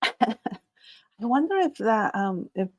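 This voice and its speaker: A woman's voice: fairly high pitch, very animated, slow pace. A woman hosting a casual live stream, reading chat comments and talking with playful, frequent laughter. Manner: laughs often, playful and chatty. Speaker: channel host reading chat.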